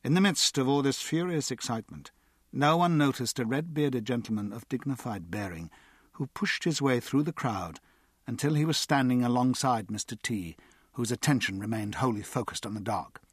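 A man narrating an audiobook with expressive, dramatic storytelling. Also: mid-range voice, normal speed, slightly rough, no echo, studio quality.

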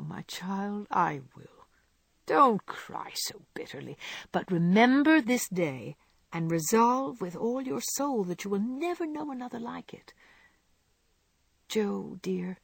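A woman voicing a gentle, patient middle-aged mother who speaks softly and soothingly, in an audiobook reading. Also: mid-range voice, creaky, breathy edge, no room sound, exaggerated voice. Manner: soft, hushed, soothing.

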